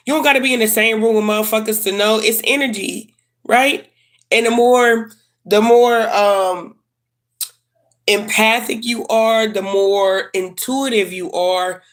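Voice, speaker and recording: A woman's voice: medium pitch, a bit bright. A woman giving a casual tarot reading to camera, blunt and slangy. She swears freely and repeats herself for emphasis. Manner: emphatic and repetitive. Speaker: tarot reader.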